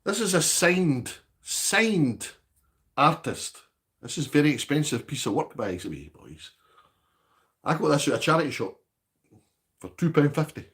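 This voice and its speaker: A man's voice: a little high, very animated, measured pace, long pauses, fairly bright tone. A Scottish man chatting casually on a live stream from his home, reading out viewer comments and asking for likes.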